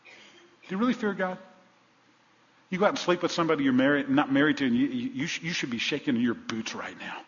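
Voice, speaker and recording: A man preaching a sermon as pastor, dramatic, swinging between hushed and loud delivery. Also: mid-range voice, racing, few pauses. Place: church sanctuary. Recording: dull, long-reverb church hall.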